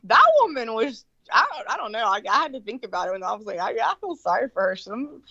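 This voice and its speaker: Woman guest, swears a lot, chatty storyteller, pitch jumps all over, dull muffled line. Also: fast, dry recording. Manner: profane, animated, many fillers and restarts. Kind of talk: casual storytelling chat. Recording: dull lo-fi sound, dry.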